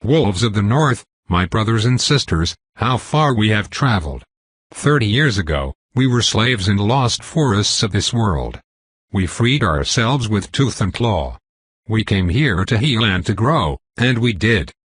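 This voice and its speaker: A man's voice: on the low side, very animated, a little slow, fairly bright tone, breathy edge, no room sound, heavily acted. A man voicing a commanding werewolf pack leader in a fantasy audiobook, giving a rousing, declaiming speech.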